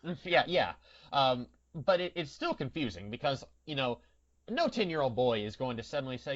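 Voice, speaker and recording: A man's voice: medium pitch, sing-song, moderate pace. Podcast co-host, male, mid-range voice, dry wry rambling delivery, muffled recording. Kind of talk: casual chat. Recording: dull lo-fi sound.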